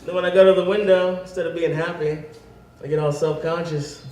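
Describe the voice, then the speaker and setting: A man with a high voice performs stand-up comedy. He moves from deadpan setups to animated acted-out voices. He is heard from a distance in an echoey room. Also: a little fast. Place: comedy venue stage with audience.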